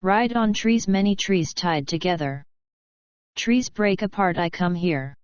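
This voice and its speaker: A defiant young fugitive speaks in terse, simple words, as a woman narrator voices him. The voice is low for a woman and smooth, in a storybook reading. The recording is dry and slightly dull. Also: measured pace, no room sound, lightly acted.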